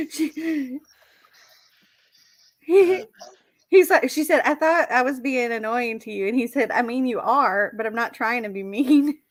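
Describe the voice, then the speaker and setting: A woman's voice: high voice, unhurried, pauses often, no echo. A woman in her forties hosting a casual live chat, reading out text messages and giggling often. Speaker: host.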